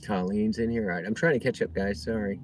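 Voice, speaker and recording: Low-voiced man chatting from a car. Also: steady tone, quick pace, a little hiss or hum. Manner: chatty, reads chat aloud, talks to himself. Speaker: rideshare driver livestreaming. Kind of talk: casual livestream chat while driving.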